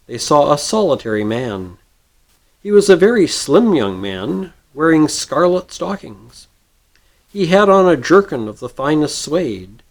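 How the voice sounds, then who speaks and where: A man reading a storybook chapter aloud with expressive narration. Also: fairly high pitch.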